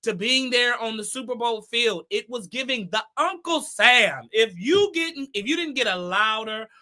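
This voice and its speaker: A woman's voice: fairly high pitch, expressive, normal speed, bright, forceful tone. A woman from the Bay Area hosting her own show, giving casual commentary in a chatty way with repeated words and emphatic asides. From San Francisco Bay Area. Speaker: talk show host.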